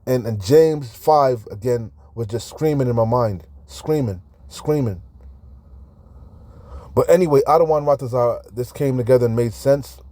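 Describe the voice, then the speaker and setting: A man's voice: medium pitch, a little slow, warm tone, no room sound. Fiery, slangy man preaching Scripture. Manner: impassioned, profane, repeats and stumbles over words; slangy street talk. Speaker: online scripture commentator. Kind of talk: informal fiery Bible commentary.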